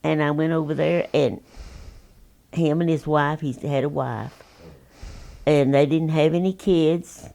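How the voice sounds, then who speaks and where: A woman's voice: deep voice, fairly even intonation, a little slow, creaky, pauses often, mellow. Folksy woman in her nineties. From Texas. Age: 90s. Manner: folksy, rambling, plainspoken. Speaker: interviewee. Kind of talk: oral history storytelling.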